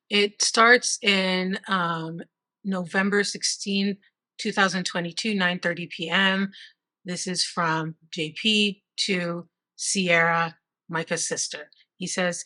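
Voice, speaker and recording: Bright-voiced woman retelling a story. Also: on the low side. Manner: conversational, reads out texts with asides. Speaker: true crime commentator. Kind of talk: casual storytelling commentary.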